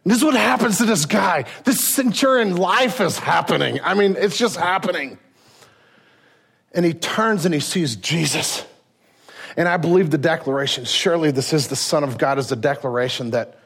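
A man's voice: a little high, vocal fry, fairly bright tone, husky. A man preaching a sermon in a church, telling stories animatedly with frequent restarts. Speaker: pastor.

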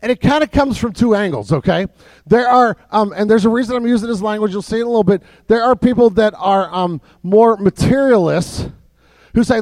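A high-voiced pastor preaches from the pulpit in a chatty, conversational way, full of fillers and restarts. Now and then he sinks into a soft, low voice for emphasis. The recording is brisk, dry and close.

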